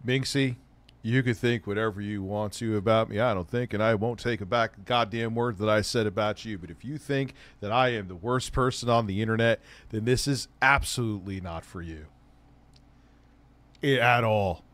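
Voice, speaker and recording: A man's voice: lowish voice, moderate pace, a bit bright. A man streamer reacting to a video, talking back to it in a sarcastic, profane, argumentative way. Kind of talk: livestream reaction commentary.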